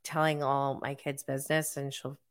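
A woman's voice: very deep voice, level tone, moderate pace, clear, resonant tone. A woman in her forties telling a story to camera in a casual, chatty way, filling her sentences with "like". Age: 40s. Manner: chatty, filler-heavy storytelling with frequent "like". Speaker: mom vlogger. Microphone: camera mic.

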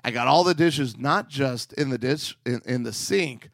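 A man with a middle-pitched voice tells a story to his wife in a playful, joking way. The recording is dry and close, with no room echo. He sounds at ease, like a podcast co-host. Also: normal speed, vocal fry, fairly bright tone. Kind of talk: casual chat with his wife.

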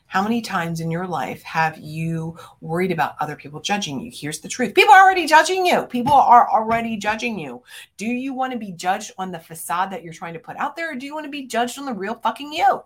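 A woman's voice: mid-range voice, expressive, a little fast, few pauses. A middle-aged woman coach hosting a motivational podcast, talking to listeners in a direct, emphatic way and swearing casually. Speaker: business coach and podcast host.

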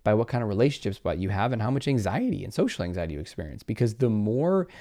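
A man's voice: on the low side, big pitch swings, fast talker, dark tone. A man hosting a podcast, talking earnestly in a coaching tone and acting out the voices of people he quotes. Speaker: podcast host. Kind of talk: motivational podcast talk.

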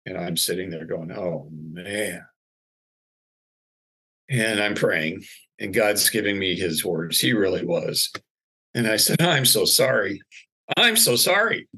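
A man as a podcast guest, telling a personal faith story in an earnest, animated way. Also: low voice, moderate pace, husky. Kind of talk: personal testimony in conversation.

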